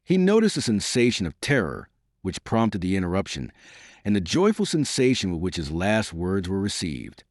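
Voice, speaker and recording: Expressive low male audiobook narrator. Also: normal speed, no echo, studio quality. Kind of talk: scripted narration of a classic novel.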